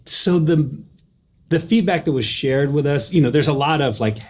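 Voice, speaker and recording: A man's voice: a little high, normal speed, darkish tone. A man in his forties, a guest telling a story in a casual interview, emphatic and repeating words for effect. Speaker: guest, former boy band member.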